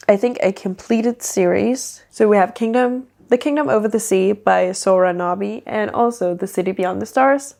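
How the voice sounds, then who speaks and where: A woman's voice: medium pitch, gravelly, a little mellow. A Danish woman, a native Danish speaker, chatting casually in English about her new books, rambling with lots of "like" fillers. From Denmark. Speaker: book vlogger. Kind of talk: casual book haul chat.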